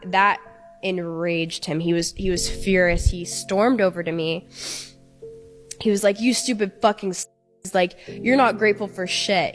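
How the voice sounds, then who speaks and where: A woman giving an emotional, halting personal account in an interview, acting out quoted lines as she tells it. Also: on the low side.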